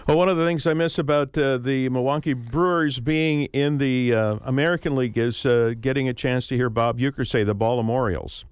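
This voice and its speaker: Relaxed man hosting a radio talk show. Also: medium pitch, a little fast, few pauses, clear, resonant tone, no echo, clean studio sound. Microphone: studio microphone.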